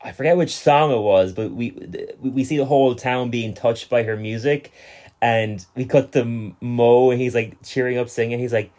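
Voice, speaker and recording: Irish man, animated podcast co-host. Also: medium pitch, normal speed. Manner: animated, laughs often, quotes scenes in lively voices. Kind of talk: casual podcast chat.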